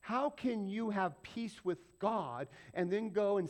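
A man's voice: high-pitched, lively intonation, takes it slowly. A middle-aged male pastor preaching a sermon in a conversational way, firing off rhetorical questions and acting out little exchanges.

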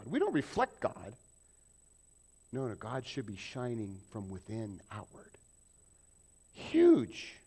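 A man's voice: mid-range voice, darkish tone. A man preaching a sermon, acting out people's prayers and joking with the congregation. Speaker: pastor.

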